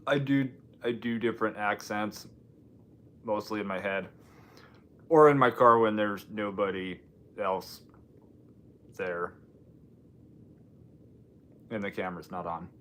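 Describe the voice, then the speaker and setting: Man, low voice, rambling, joking, chatting with viewers, faint background hum. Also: slow, long pauses, fairly bright tone. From Washington State. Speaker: livestream host. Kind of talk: casual live-stream chat.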